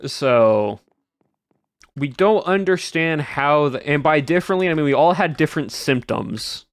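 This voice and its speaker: A man's voice: a little high, lively intonation, a little slow, no echo, clean studio sound. A man streaming, chatting casually to his viewers in a rambling way with lots of "like" and restarts. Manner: rambling, full of "like" and restarts, laughs often.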